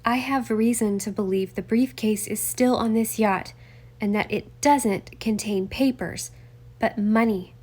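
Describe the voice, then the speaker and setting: A woman's voice: on the high side, measured pace, a little mellow. A woman voicing a young woman detective, polite but firm as she presses with questions.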